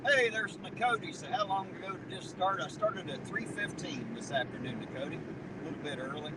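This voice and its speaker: A man with a Southern twang, chatting casually and profanely with his livestream viewers as he drives on the highway. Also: fairly quick. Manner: folksy, profane, joking with chat. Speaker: livestream host. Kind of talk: casual livestream chat while driving. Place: inside a car on the highway. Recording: loud road noise, mic off at a distance.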